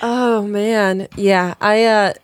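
A woman's voice: mid-range voice, steady tone, extremely slow, clean tone, no room sound. A woman from Pittsburgh co-hosting a podcast, teasing her co-host in casual chat. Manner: playful, teasing, fillers like "like".

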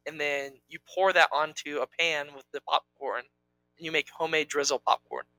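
A young man co-hosting a casual chat, talking in an animated, rambling, playful way. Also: a little high, moderate pace, no room sound, poor audio. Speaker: co-host.

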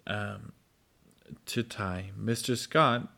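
A man reading a children's storybook aloud, halting and stumbling over words. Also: lowish voice, vocal fry, sharp tone. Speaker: reader.

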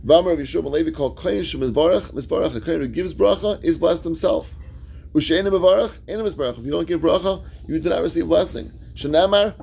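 A man's voice: on the high side, fast, gravelly, a little mellow, husky. A man teaching a Talmud class, reading each phrase of the text and then explaining it in plain words.

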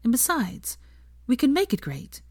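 A woman voicing a playful young woman in a storybook reading, her voice lifted high and bright. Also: wildly swooping pitch, measured pace, husky, no room sound, studio quality, full character voice. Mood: affectionate.

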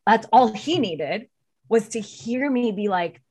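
A woman candidly telling a personal story, emotional and blunt, swearing freely and going much higher when heated. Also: animated, slow pace, a little mellow, a little hiss or hum.

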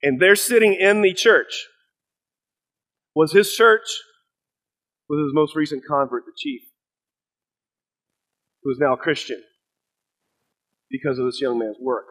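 A middle-aged man, a pastor preaching a sermon, telling stories in an earnest, halting way with fillers and restarts. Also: fairly high pitch, fairly bright tone, poor audio.

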